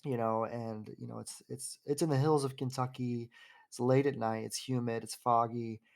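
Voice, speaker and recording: A man in his twenties, hosting a casual podcast conversation. He rambles openly and warmly through a personal story, circling back and restarting his sentences as he goes. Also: medium pitch, steady tone, moderate pace, gravelly. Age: 20s. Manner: rambling and heartfelt, with frequent fillers and restarts. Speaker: podcast host.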